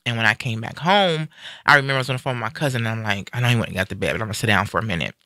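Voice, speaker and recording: Bright, forceful man retelling a story. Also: fairly low pitch, very fast, no room sound, clean studio sound. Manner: animated retelling, acting out quoted speech. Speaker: guest sharing a personal story. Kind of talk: casual live-stream conversation.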